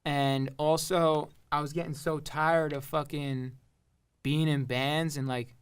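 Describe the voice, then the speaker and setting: Smooth-voiced young man, rambling casual talk. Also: a little high, flat delivery, takes it slowly. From Long Island, New York. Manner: rambling, heavy on fillers and swearing. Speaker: rapper and producer guest. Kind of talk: casual interview chat.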